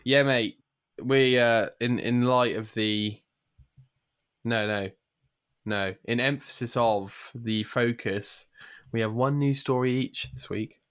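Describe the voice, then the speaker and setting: A man's voice: medium pitch, slow, a bit bright, smooth. A man hosting a gaming podcast in casual, jokey chat. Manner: chatty, jokey, drops into silly accents. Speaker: podcast host.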